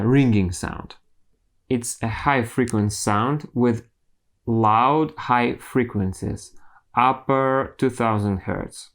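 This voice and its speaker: A man teaching singing, explaining vocal technique slowly and carefully, pausing and restarting as he goes. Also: mid-range voice, fairly bright tone.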